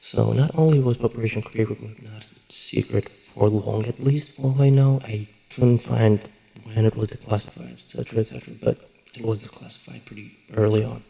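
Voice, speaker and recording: Gravelly, husky man ranting sarcastically. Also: fairly low pitch, steady tone, fairly quick, dark tone, poor audio. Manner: swearing, sarcastic, exasperated, rambling with restarts. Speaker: online show reviewer. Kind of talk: casual ranting review.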